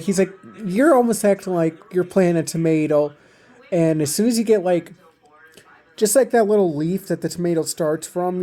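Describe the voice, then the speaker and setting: A man's voice: on the high side, mellow. A young man casually retelling relationship advice he got, rambling with lots of fillers. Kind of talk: casual storytelling vlog.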